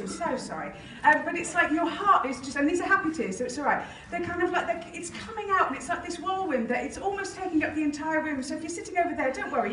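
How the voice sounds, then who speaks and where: Effusive female compère, high and lively voice, recorded from afar in a roomy hall. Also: a little hiss or hum. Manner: effusive, laughing, chatty. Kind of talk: live stage interview. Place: conference hall. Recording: roomy hall sound from a distance.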